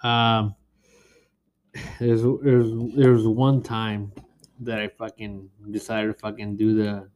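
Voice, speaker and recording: A man's voice: on the low side, level tone, takes it slowly, long pauses, a little mellow, clear, resonant tone. A man co-hosting a podcast, laid back in manner, often stopping to restart his sentences. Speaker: podcast co-host. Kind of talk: casual chat.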